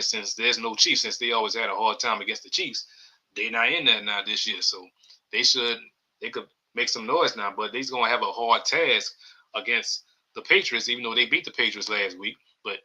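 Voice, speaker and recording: New man, podcast host, loose rambling chat, very bright tone. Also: mid-range voice, poor audio. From New Orleans area. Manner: loose, rambling, reads chat comments aloud. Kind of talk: casual live-stream sports chat.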